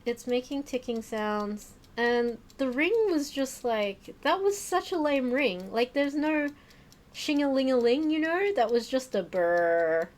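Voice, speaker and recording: A woman with a slightly high voice and lively intonation speaks slowly. She's streaming from her home stream room, unpacking while she chats casually, rambling with fillers and poking fun at herself.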